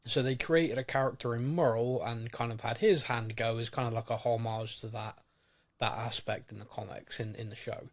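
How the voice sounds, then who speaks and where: Man, podcast co-host, casual rambling chat, restarts sentences, mid-pitched. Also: steady tone, moderate pace. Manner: rambling, repeats words when starting sentences.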